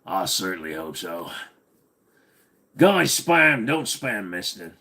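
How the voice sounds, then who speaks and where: A man hosting a casual livestream, talking bluntly and crudely, his voice tiring and going hoarse. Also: low-pitched, big pitch swings, takes it slowly, bright, forceful tone. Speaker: livestream host.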